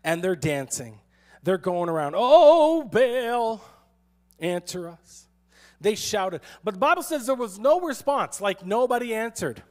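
A man's voice: high voice, animated, normal speed. A man who is a pastor, giving a sermon in a playful, sarcastic storytelling manner and acting out quotes.

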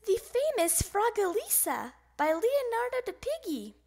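A woman voicing an excited, bouncy young boy frog in a storybook read-aloud, yelling and eager. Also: very high voice, a little slow, pitched above the performer's own voice, exaggerated voice.

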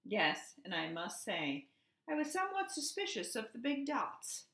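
Storybook goose, male, earnest and formal, voiced high by a woman, echoey room. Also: huge pitch swings, unhurried, creaky, fairly bright tone, exaggerated voice. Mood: agreeable. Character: earnest, proper male goose, new parent. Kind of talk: storybook read-aloud.

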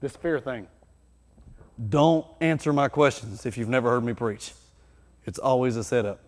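A man preaching a sermon as pastor, conversational and energetic, with sudden loud bursts. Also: medium pitch, moderate pace. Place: church hall. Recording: long hall reverb.

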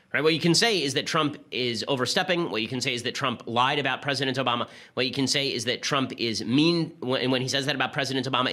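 Rapid-fire sarcastic male political host. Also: mid-range voice, sharp tone. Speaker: political talk show host. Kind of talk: political commentary monologue.

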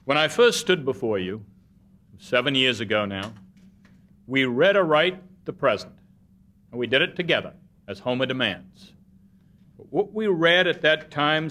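A man delivering a formal state budget address in an auditorium, measured and oratorical, with a light humorous touch. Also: medium pitch, big pitch swings, bright, forceful tone. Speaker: governor. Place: museum auditorium.

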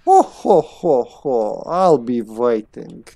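A man's voice: mid-range voice, sing-song, takes it slowly, gravelly, warm tone, no room sound, full character voice. A man voicing a brusque, busy female scientist in a game, stiff and clipped with a put-on foreign accent. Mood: scheming. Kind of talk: reading game dialogue in voices.

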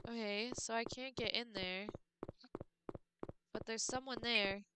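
A woman's voice: a little high, steady tone, unhurried, background noise. A woman streamer muttering and thinking aloud while puzzling through a game. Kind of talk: casual gameplay commentary.

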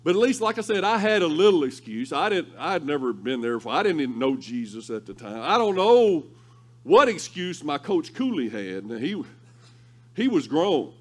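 A male pastor preaching a sermon through lively, humorous storytelling. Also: on the high side, moderate pace. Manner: animated, humorous storytelling with laughter.

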